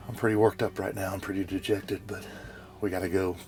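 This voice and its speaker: A man's voice: deep voice, level tone, brisk, music in the background. A man who is a bowhunter, narrating his hunt in short, plain spoken phrases, talking outdoors in the woods. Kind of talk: hunting show narration and field talk.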